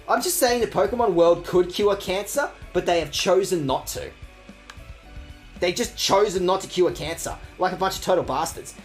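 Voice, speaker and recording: Here a game streamer offers loose, wandering let's-play chatter, cursing and poking fun at themself with crude humor. The pitch keeps swinging throughout.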